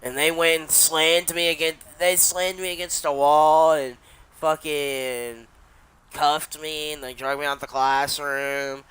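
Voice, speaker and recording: A man's voice: a little high, little pitch movement, slow pace, fairly bright tone, smooth. A young adult man casually telling a long story while he streams a game, rambling and swearing, with many restarts.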